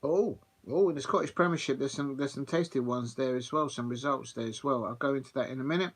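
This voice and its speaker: A man's voice: mid-range voice, fast talker. A man hosting a live football watch-along, chatty and rambling with plenty of fillers. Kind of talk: casual live commentary.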